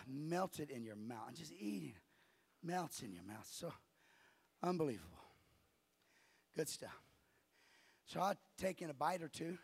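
A man pastor preaching a sermon to his congregation in a church, shouting at the peaks and dropping to a quiet, conversational storytelling voice in between. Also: medium pitch, vocal fry, husky.

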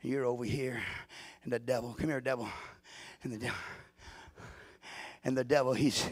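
A man's voice: mid-range voice, steady tone, moderate pace, dry recording. A man preaching a sermon in repeated, rhythmic phrases.

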